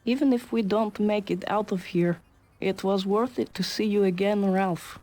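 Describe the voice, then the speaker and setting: An actress voicing a gentle female dog who talks tenderly. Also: mid-range voice, fairly even intonation, normal speed, natural voice. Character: gentle older female talking dog, sister.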